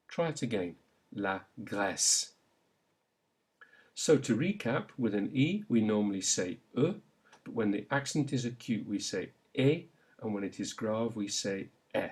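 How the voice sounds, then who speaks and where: Man, language teacher, unhurried, slightly husky, clear enunciation, repeat-after-me prompts. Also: medium pitch, darkish tone. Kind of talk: scripted language lesson narration.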